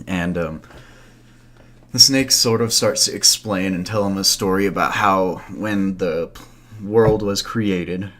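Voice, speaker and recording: A man's voice: low-pitched, takes it slowly, a bit bright. A man narrating a campfire story as a podcast host, loose and conversational, with asides and fillers.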